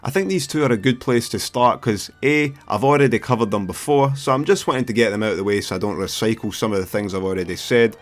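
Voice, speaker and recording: A man's voice: on the low side, fast, hardly any pauses. A man with a Scottish accent hosting a casual comedic film review video, brash and profane in his talk. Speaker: film reviewer and YouTube host.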